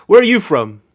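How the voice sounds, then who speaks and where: A man with a slightly high voice hosts a live podcast, chatting loosely with viewers. He teases, drops frequent "right?" asides and lets out small chuckles as he talks. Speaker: podcast host reading live chat. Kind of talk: casual livestream talk.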